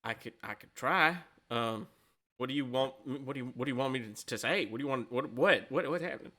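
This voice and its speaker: A man's voice: medium pitch, brisk, bright, forceful tone. A man voicing a nervous, tiny halfling man who stammers and repeats his words. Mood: flustered.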